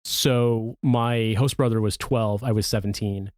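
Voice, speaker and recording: A man in his thirties co-hosting a podcast in casual chat, telling stories with lively impressions and some swearing. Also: fairly low pitch, measured pace, no echo, studio quality. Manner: animated storyteller, swears, mimics movie lines. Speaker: podcast co-host.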